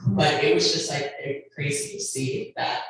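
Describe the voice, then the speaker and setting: A woman's voice: deep voice, measured pace. Young woman laughing through a story in a hall. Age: young adult. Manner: laughing, animated storytelling with fillers. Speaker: panelist sharing a mission trip. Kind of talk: church panel testimony. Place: church hall. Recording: echoey hall from far off, audience.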